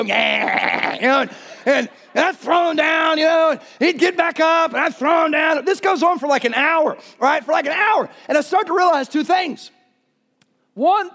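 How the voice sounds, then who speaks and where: A middle-aged man preaching a sermon, telling stories with lively energy and bursts of shouting. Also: very high-pitched. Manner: animated storytelling, shouts during anecdotes. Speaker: pastor.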